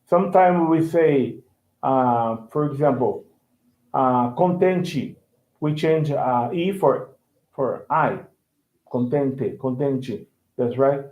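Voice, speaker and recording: A man's voice: medium pitch, darkish tone. A man teaching English in an online lesson, explaining with many restarts and checking that he is understood. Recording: echoey tinny online call.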